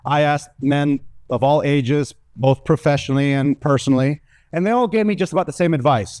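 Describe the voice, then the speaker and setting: Animated young man, stand-up storyteller. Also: fairly quick, clean tone. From Mexico. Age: young adult. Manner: animated storytelling, acting out others' voices with big pitch jumps. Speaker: stand-up comedian. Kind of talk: stand-up comedy set. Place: comedy stage before a live audience.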